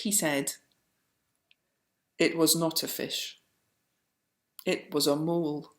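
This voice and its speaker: A woman reading a picture book aloud, slowly and expressively. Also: sits low, gravelly. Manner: slow and expressive. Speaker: storyteller. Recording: roomy echo.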